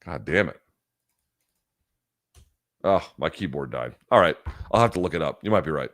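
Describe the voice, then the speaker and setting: A very low-voiced man hosts a live chat stream, reading viewer questions and launching into heated, profane rants. He talks loosely, with fillers and restarts, into a close mic with a dry, dead sound. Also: lively intonation, normal speed, a bit bright, no echo. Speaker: live chat show host. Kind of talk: casual livestream chat answering viewer questions.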